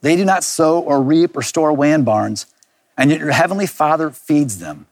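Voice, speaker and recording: Man preaching, gravelly, fairly high voice, dry close sound, earnest and reflective. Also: expressive, normal speed, a little mellow, no echo. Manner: earnest, reflective preaching with repeated key words. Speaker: pastor. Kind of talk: sermon. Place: recorded for online viewers.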